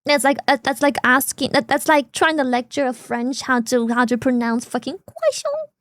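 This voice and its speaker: A woman from Germany chats on stream in her German accent, sarcastic and quick to giggle. Her voice sits fairly high, recorded close and dry on a desk mic. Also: lively intonation, fairly bright tone, no echo. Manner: sarcastic, giggly, swears casually. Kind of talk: casual chat.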